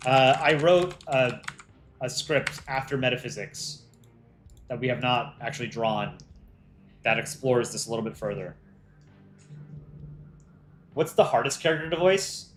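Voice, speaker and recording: A man's voice: medium pitch, a little slow, pauses often. Chatty man hosting a livestream. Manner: loose and chatty, with restarts and frequent laughter. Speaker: animator and livestream host. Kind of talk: casual livestream chat.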